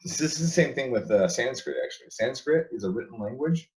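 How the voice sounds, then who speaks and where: A man's voice: medium pitch, animated, a little fast, a little mellow, rough recording. A man talking as a guest in a casual interview, emphatic, repeating and restarting his words, laughing between points.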